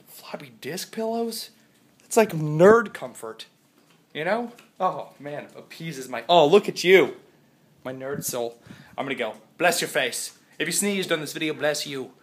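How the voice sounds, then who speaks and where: A man chatting in a rambling, jokey vlog from his house, still sick, swinging from loud outbursts to mumbles. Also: medium pitch. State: sick, congested. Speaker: vlogger. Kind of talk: casual vlog chat.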